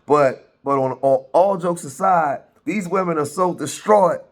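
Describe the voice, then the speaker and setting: A man's voice: on the high side, measured pace. A man hosting a casual reaction commentary. He talks in a chatty way, with many fillers and repeated words. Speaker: commentary host reacting to clips.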